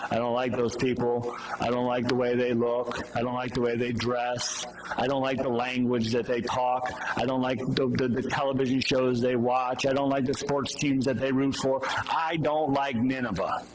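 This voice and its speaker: Preacher doing a grumpy stubborn prophet, lower and grumbling, sermon story voice. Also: male voice, little pitch movement, normal speed, hardly any pauses, background noise, natural voice. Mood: stubborn refusal. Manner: stubborn, petulant complaining. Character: sulky prophet man refusing a call.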